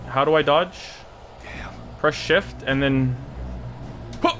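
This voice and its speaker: A man commenting on a video game he is playing, excitable, joking and yelling at the game. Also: fairly high pitch, slow. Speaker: gamer. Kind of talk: let's play commentary. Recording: game ambience and noise behind.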